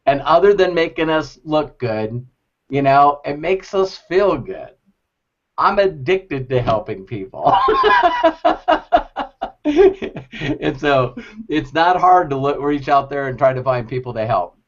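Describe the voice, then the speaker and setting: A man giving a lively, laughing motivational talk to a group, acting out quoted voices. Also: mid-range voice, measured pace. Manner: animated, laughing often, acts out quoted voices. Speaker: motivational speaker. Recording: dull lo-fi recording.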